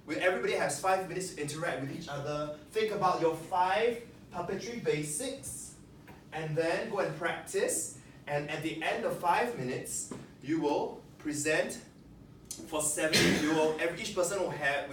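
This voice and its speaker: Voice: mid-range voice, normal speed, slight background noise. Echoey distant workshop facilitator. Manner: animated, coaxing, asks the group questions. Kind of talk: teaching a workshop. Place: large room with a group of participants. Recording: echoey room, picked up from a distance.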